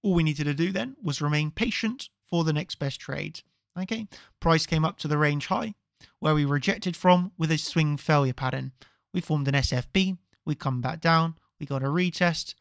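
A man's voice: on the high side, normal speed, vocal fry, smooth, no room sound, clean studio sound. A man hosting a trading video, walking viewers through chart analysis in an emphatic, confident way, repeating key words for effect. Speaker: crypto trading analyst host.

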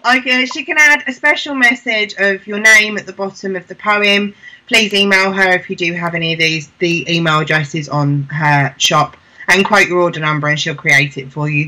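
Brief: British woman presenter, chatty and heartfelt, bright voice, casual showcase. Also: mid-range voice, rough recording. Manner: chatty, heartfelt, self-deprecating. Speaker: show presenter. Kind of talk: casual product showcase chat.

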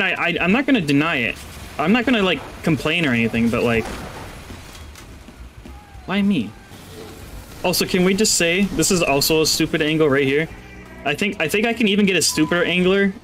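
A man giving rambling, excitable live commentary on a game he is streaming into a headset, his voice jumping high when surprised. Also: moderate pace, pauses often, soft background music.

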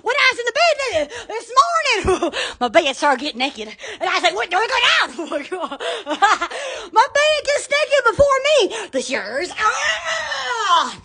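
A woman's voice: very high voice, big pitch swings, takes it slowly, hardly any pauses, sharp tone. A woman showing off her thrift store finds on a live stream, exclaiming and laughing constantly. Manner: exuberant, squealing and laughing, repeated exclamations. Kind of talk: Instagram live replay.

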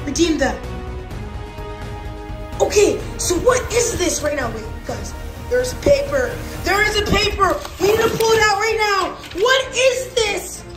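A woman gaming YouTuber in an excited unboxing vlog, exclaiming and talking straight to her viewers. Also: very high voice, a little slow, over music.

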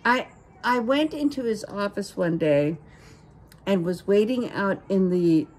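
An older woman in a casual family conversation, telling a story slowly and gently. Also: mid-range voice, animated, slight background noise, low-quality recording. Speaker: guest, the host's mother.

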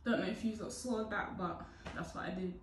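A young woman talks through a hair routine in a loose, playful way, breaking into loud whoops now and then. She sounds set back from the mic, and the room echoes around her. A faint hiss sits underneath. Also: medium pitch, fairly even intonation, a little fast, far from the mic. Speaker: hair tutorial vlogger. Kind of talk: casual how-to chat to camera.

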